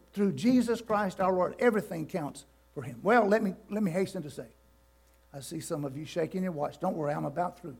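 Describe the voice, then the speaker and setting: In a church sanctuary, an older male pastor delivers a sermon in a high, gravelly voice with a rough, creaky edge throughout. He alternates between soft asides and loud declarations, tossing questions to the congregation.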